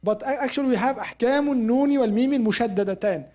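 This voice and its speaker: This is a Quran recitation teacher giving a live class at a mosque, pausing to check on students while repeating example sounds slowly. The voice sits at medium pitch and has a darkish tone.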